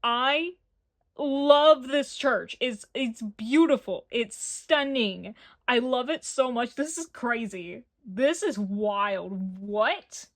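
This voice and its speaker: A young Appalachian woman chats casually in a reading vlog, gushing about books and poking fun at herself. Her voice is fairly high and lively in intonation, and she speaks slowly. There's no room sound.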